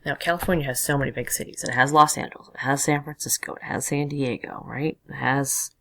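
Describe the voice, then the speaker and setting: A woman's voice: a bass voice, steady tone, brisk, gravelly, rough recording. A woman teacher explaining a lesson patiently, talking as she draws and labels. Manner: patient, explanatory, talks while drawing. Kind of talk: recorded classroom lesson.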